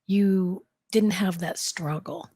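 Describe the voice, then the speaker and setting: A woman's voice: mid-range voice, takes it slowly, warm tone, no echo, clean studio sound. A woman interviewing a guest and asking thoughtful, probing questions. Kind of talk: conversational interview.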